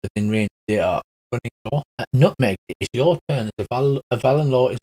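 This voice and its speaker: A man's voice: mid-range voice, brisk, mellow, breathy edge. A man narrating as game master, chatty and laughing, acting out creatures and crowds as he goes.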